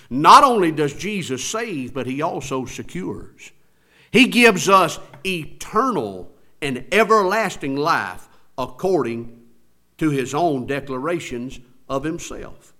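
Guy preaching, emphatic, bright forceful voice, swoops up and down a lot. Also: high-pitched. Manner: emphatic, rising and falling preaching cadence. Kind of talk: sermon.

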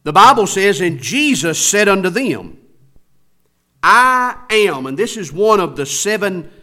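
Guy preaching, emphatic, bright forceful voice, swoops up and down a lot. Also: high-pitched. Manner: emphatic, rising and falling preaching cadence. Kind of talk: sermon.

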